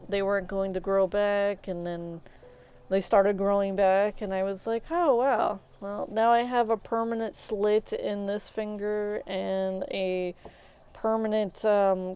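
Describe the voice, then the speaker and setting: A young woman streamer casually telling a rambling story from her school days while she plays, acting out the back-and-forth of what people said. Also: mid-range voice. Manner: rambling, animated retelling with quoted exchanges. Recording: dull lo-fi stream audio.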